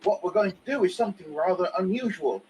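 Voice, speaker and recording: A man with a slightly high voice plays a tabletop game, talking through practical plans in a plain, steady way. Faint noise sits under his voice. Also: fast, poor audio. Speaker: player. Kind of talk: casual tabletop play.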